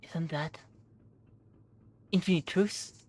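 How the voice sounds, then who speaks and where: A woman's voice: deep voice, slow, a little mellow. A woman streamer chatting casually and laughing often while playing a game with a friend. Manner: giggly, reads game lines aloud.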